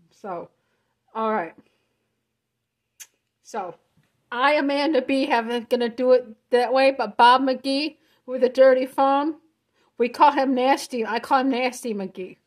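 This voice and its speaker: High-voiced rambling woman host. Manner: rambling and blunt, with frequent restarts and swearing. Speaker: show host. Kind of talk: casual reaction vlog, reading a post aloud and commenting.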